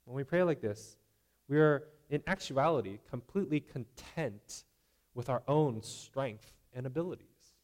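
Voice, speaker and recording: A man's voice: medium pitch, animated, unhurried, darkish tone. Conversational man preaching a sermon. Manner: conversational, repeating "right?" and acting out imagined voices.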